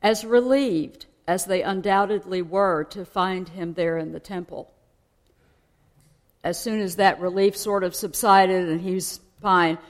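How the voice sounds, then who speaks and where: A woman's voice: fairly low pitch, fairly even intonation, unhurried. A woman preaching a sermon in a conversational way, explaining and asking her listeners questions. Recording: long hall reverb.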